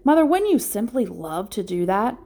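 A woman reading aloud and voicing an imaginative young farm girl who talks in an excited, insistent way. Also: medium pitch, normal speed.

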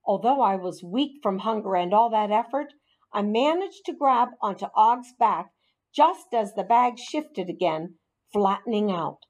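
A woman narrates a children's storybook with an expressive, animated delivery. Her voice sits in the mid range, and she keeps a measured pace.

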